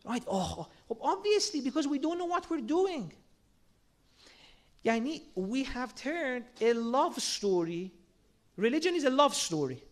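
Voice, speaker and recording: A man's voice: very high voice, sing-song, a little slow. A man giving a sermon, earnest and full of rhetorical questions and everyday examples. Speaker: religious speaker.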